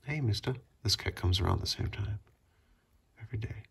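Very raspy man coaxing his cats. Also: fairly low pitch, expressive, moderate pace, a bit bright. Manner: coaxing baby talk to pets, often dropping to a whisper. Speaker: cat owner filming his pets. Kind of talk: casual vlog talking to cats. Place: home by a sliding door.

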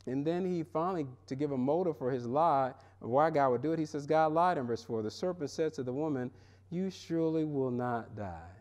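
Man, pastor, high-pitched voice, lively sermon delivery that jumps between loud highs and quiet lows, chapel setting. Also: a little fast. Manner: animated preaching, swings from loud and high to low and quiet. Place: seminary chapel.

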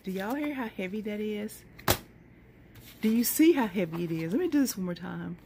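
A woman's voice: medium pitch, lively intonation, moderate pace. Woman vlogger, casual and chatty, faint hiss behind. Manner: chatty, warm, laughs often, addresses viewers as y'all. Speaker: couponing vlogger. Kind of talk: casual chat to viewers.

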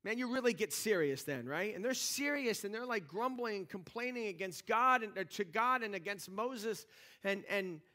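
A man's voice: high voice, expressive, moderate pace, bright, forceful tone. A man preaching a sermon as pastor in a church, talking conversationally with lots of restarts and rising energy. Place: church sanctuary.

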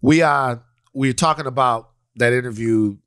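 A man's voice: mid-range voice, a bit bright, clean tone, no echo. Rambling man with a dry close voice. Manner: rambling, halting with restarts. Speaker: podcast co-host. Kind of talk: casual chat.

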